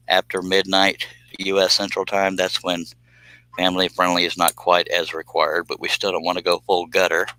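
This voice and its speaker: A man's voice: low-pitched, pushed and bright, no echo, rough recording. A man, casually chatting and joking with viewers on a live stream while doing scroll saw work in his workshop.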